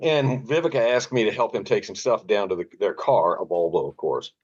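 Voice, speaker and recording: Male actor guest, low husky voice, easygoing storyteller, muffled podcast sound. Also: a little fast. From Richmond. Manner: relaxed, self-deprecating, slips into other languages. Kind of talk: casual anecdotal storytelling. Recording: dull lo-fi podcast audio.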